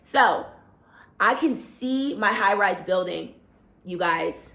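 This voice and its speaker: A young woman recounts a travel story straight to camera in a casual storytime vlog. Her voice is bright and forward, and she gets animated, acting out lines and crying out as the story builds. The room around her is noticeably echoey. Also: medium pitch, slow, gravelly. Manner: animated, acts out voices and cries out while retelling. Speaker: travel vlogger.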